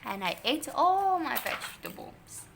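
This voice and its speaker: A woman's voice: high voice, sing-song, measured pace, gravelly, background noise, pitched above the performer's own voice, heavily acted. A woman voicing a shrieking goody-goody little boy. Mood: smug. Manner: shrieks and tattles. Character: prim, goody-goody little boy, whiny tattletale.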